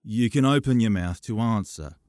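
A stern young knight in an audiobook scolds loudly, as a man reads him. The voice sits above the reader's natural low register. The recording is dry and close. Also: normal speed, no echo, close to an everyday voice.

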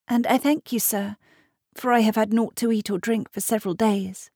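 A woman's voice: fairly high pitch, steady tone, normal speed, warm tone, dry recording, studio quality, pitched above the performer's own voice. A woman voicing a sick, weary young dwarf boy who speaks sadly and politely. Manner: weary, sad and courteous.

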